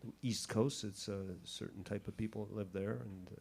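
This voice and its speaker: A man's voice: fairly low pitch, fairly even intonation, a little fast, gravelly, a little mellow, slight background noise. A man from Quebec, a band member who explains things hesitantly during an interview. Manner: hesitant, full of fillers.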